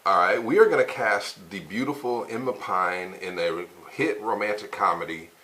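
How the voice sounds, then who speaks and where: A man hosting a casual interview show, upbeat, firing quick questions and laughing along. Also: lowish voice, sharp tone. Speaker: talk show host.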